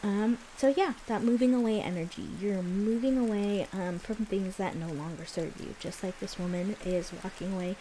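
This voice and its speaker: A woman's voice: medium pitch, fairly even intonation, moderate pace, few pauses, mellow, slight background noise, poor audio. A young woman giving a casual tarot reading, explaining the cards in a chatty way. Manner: chatty, explaining as she goes. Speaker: tarot reader.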